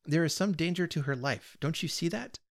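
A man's voice: fairly high pitch, lively intonation, fairly quick, pitched above the performer's own voice. A man reading aloud, voicing a talkative, earnest male burglar who pleads and explains himself with odd cheer. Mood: pleading. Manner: earnest, pleading, lightly pompous.

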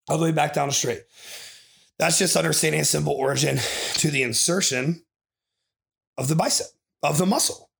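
Gravelly kinda high-voiced guy coaching bodybuilders on a podcast, cursing nonstop, fired up. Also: a bit bright. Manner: profane, aggressive, swears constantly. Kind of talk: ranting podcast talk.

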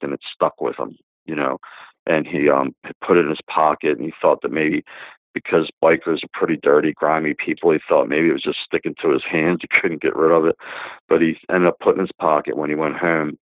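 A man's voice: very deep voice, little pitch movement, brisk, no echo. A man in his fifties giving a rambling spoken testimony as a guest, with many fillers and restarts. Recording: tinny phone-line sound, dry.

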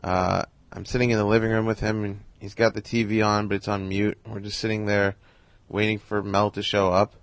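Relaxed man telling a story. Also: fairly low pitch, no echo, low-quality recording. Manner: relaxed, halting, lots of "you know". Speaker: podcast host and comedian. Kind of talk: casual storytelling.

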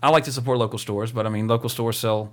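In a relaxed podcast conversation, a male co-host talks quickly with a medium pitch and a steady tone. His speech wanders, loaded with filler words.

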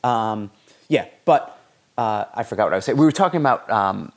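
A man's voice: on the low side, animated, normal speed. A man talking casually as a podcast guest, rambling with many restarts and stammers. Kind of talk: casual conversation.

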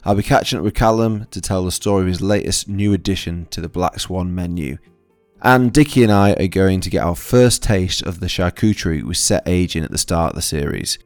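A man's voice: low-pitched, fairly quick, soft background music. A man hosting a podcast, a chef who chats in an easygoing way and explains dishes step by step. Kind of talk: casual interview chat.

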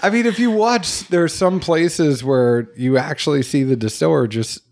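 A man's voice: on the high side, normal speed, darkish tone. Chatty man asking questions. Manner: curious, chatty, asks questions. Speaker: host. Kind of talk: casual interview chat.

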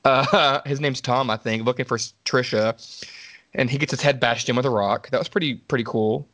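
He co-hosts a podcast and goes over a slasher movie in a loose, sarcastic ramble full of swearing and laughter. His mid-range voice is a bit bright with fairly even intonation and a moderate pace. There's no echo.

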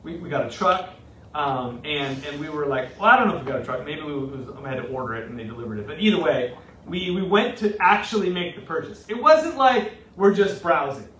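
A middle-aged male pastor tells a story from the pulpit with animated, self-deprecating humor. His voice sits high and leaps all over the place. He sounds set back from the mic in a reverberant room. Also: fairly quick, slight background noise. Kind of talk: storytelling sermon. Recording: roomy, from a distance.

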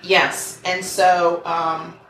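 A woman's voice: lowish voice, extremely slow. Blunt woman in a roomy, distant recording. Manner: blunt, swears, animated quoting. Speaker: podcast co-host. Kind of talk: casual chat, telling a crime story. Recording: roomy echo, a bit off mic, faint noise.

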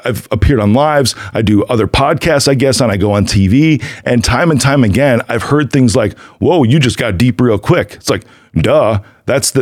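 A man talks through his own podcast episode in a loose, emphatic way, circling back on points and tossing in "right?" as he goes. His voice sits at an ordinary middle pitch. The recording is close and dry, with no room echo. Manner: emphatic, repetitive, conversational with frequent "right?". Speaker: podcast host. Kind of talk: casual solo podcast monologue.

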